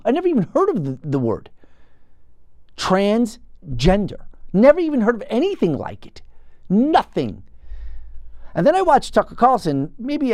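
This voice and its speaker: A man talks through a story on his own show, restarting sentences as he goes. His pitch swings widely and his delivery is animated. The recording is dry and close, with no room sound. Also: dry recording. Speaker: podcast host. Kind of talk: casual monologue.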